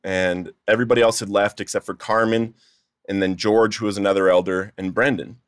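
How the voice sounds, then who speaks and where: A young man tells the story of his recovery with earnest feeling, climbing close to a shout during the pleas he recounts. He speaks a little fast in a lowish, steady, clean-toned voice, recorded at studio quality without echo.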